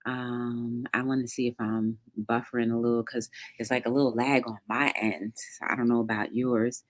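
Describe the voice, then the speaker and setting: A woman hosting a casual livestream talk show, greeting viewers by name with bright excitement and talking reflectively in between. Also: extremely low pitch, normal speed.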